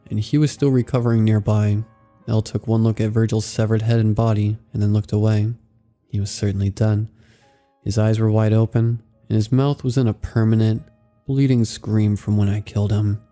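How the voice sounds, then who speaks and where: Gravelly, dark-voiced male horror narrator. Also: on the low side. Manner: steady, somber storytelling. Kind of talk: scripted first-person horror narration.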